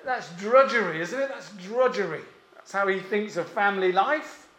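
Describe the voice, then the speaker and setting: Man preaching, emphatic, lots of pauses and rhetorical questions, fairly high voice, echoey room. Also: fairly bright tone. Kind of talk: expository sermon.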